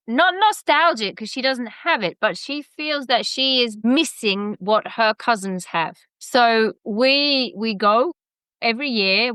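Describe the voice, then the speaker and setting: Bright London woman, chatty and reflective. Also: fairly high pitch, smooth, no echo. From England. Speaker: guest, education center founder. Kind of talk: casual podcast interview.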